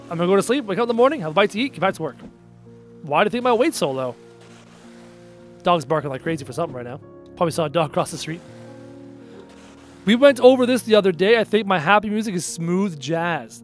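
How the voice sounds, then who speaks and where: A man's voice: high voice, lively intonation, fairly quick, pauses often, soft background music. A young man chatting casually on a live stream, answering chat bluntly and repeating phrases for emphasis.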